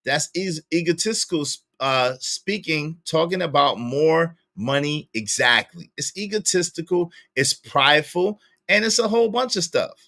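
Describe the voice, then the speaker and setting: A young man with a Brooklyn accent, giving slangy, animated live-stream commentary and laughing often. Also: on the high side, normal speed, few pauses, no room sound, clean studio sound. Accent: Brooklyn New York. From Brooklyn, New York. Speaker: streamer reacting to a show.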